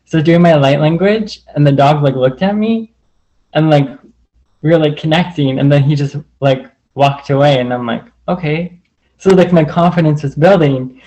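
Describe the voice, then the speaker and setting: A man's voice: fairly high pitch, moderate pace, mellow, dull audio. A man telling a personal story in a casual, rambling way, full of "like", over a video call. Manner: rambling, heavy use of "like". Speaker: group call participant.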